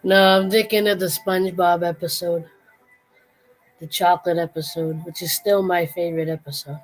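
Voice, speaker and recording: A woman's voice: fairly low pitch, steady tone, moderate pace, faint music behind. A woman hosting a casual late-night livestream, chatting in a rambling way with many restarts. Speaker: livestream host.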